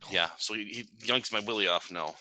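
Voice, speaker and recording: Sharp-toned man thinking aloud at a game. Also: on the low side, fairly quick, no room sound, low-quality recording. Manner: thinks aloud, joking and hesitant. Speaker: player. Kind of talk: casual chat at a tabletop game.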